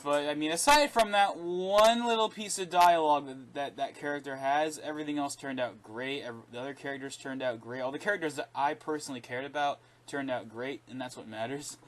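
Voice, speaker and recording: A man's voice: on the high side, fairly quick, few pauses. A man giving a casual, opinionated spoken review, rambling and often correcting himself mid-sentence. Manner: rambling, with frequent restarts and self-corrections; animated and opinionated, laughing between points. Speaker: video reviewer.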